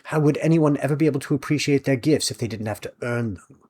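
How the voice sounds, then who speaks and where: A man voicing a brisk, wry older witch with a dry, breezy and decisive way of talking. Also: mid-range voice, darkish tone, voice pushed up, close to an everyday voice.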